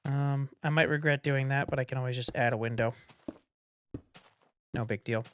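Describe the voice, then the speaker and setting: A man's voice: mid-range voice, fairly even intonation, moderate pace, fairly bright tone, a little hiss or hum. A man thinking aloud in casual commentary as he builds in a block-building game, rambling and trailing off between ideas. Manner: rambling, thinks aloud while building, hums doop sounds. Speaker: gameplay commentator.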